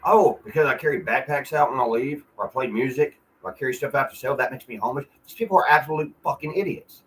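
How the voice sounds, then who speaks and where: Man, mid pitch, casual vlog rant, swearing and rambling, slight room hiss. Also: quick pace, low-quality recording. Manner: frustrated, profane, rambling with restarts. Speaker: vlogger. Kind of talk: casual venting monologue. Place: apartment.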